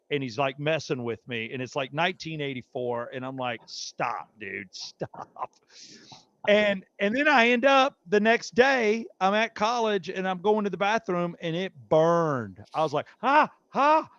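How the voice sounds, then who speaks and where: A middle-aged man, a guest comedian, telling bawdy stories in a brash, animated way. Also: on the high side, dry recording, lo-fi sound. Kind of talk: casual storytelling.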